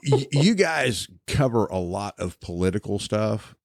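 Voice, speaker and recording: Low-pitched male podcast co-host, animated and laughing, dry studio mic. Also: unhurried, no room sound. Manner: animated, laughing storyteller with many restarts. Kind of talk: casual podcast chat.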